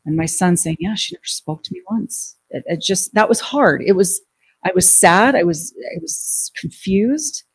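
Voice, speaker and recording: A woman telling a personal story as an interview guest, acting out what people said in lively quoted dialogue. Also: fairly low pitch, normal speed, slightly rough.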